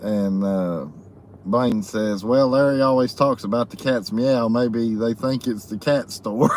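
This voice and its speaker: A man's voice: medium pitch, a little slow, a little mellow, a little hiss or hum. A man hosting a live stream, reading viewer comments aloud in a folksy way and laughing often. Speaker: livestream host reading chat comments. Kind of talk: casual live chat.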